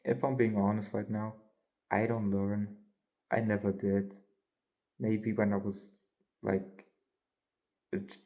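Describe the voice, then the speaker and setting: A man's voice: on the low side, phone-quality sound. A young man, a college student, talking candidly in a rambling, filler-heavy way with some yawning. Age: young adult. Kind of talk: casual vlog monologue.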